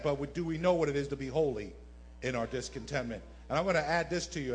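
A man preaching a sermon to his congregation as pastor, animated, with asides and quick jokes to the listeners. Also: mid-range voice, slight background noise. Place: church sanctuary.

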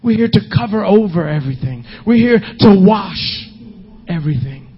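A male pastor preaching a sermon, emphatic, often shouting and half-singing his lines. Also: sits high, expressive, normal speed, breathy edge, lo-fi sound.

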